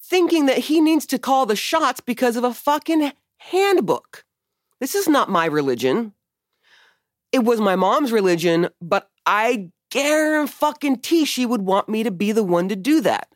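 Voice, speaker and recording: A woman's voice: fairly high pitch, animated, measured pace, no echo, clean studio sound. A woman hosting a podcast, telling a personal story in casual conversation, candid and emotional, swearing often. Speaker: podcast host.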